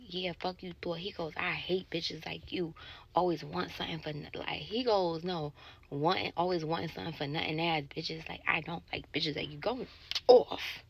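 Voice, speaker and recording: A woman telling a casual story to camera about a bad date, indignant and animated, swearing and acting out both sides of the dialogue. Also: fairly low pitch, a little hiss or hum. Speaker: sales associate telling a dating story.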